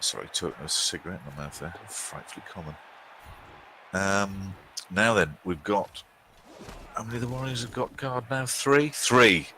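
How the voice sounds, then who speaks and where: A man's voice: lowish voice, normal speed, background noise. A man hosting a casual game commentary, chatty and joking, thinking aloud as he goes. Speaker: host.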